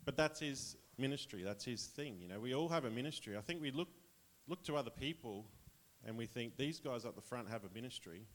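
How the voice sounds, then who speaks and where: A man's voice: medium pitch, expressive, a little fast, few pauses, a bit bright, a little hiss or hum. An Australian man casually sharing a personal testimony with his church, chatty and rambling, often laughing.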